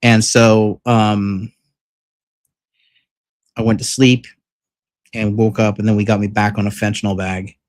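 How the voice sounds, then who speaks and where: A man vlogging, retelling a rough experience in a rambling, profane, frank way with lots of fillers. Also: on the low side, little pitch movement, measured pace, long pauses, dry recording. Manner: frank and emphatic. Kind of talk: casual storytelling vlog.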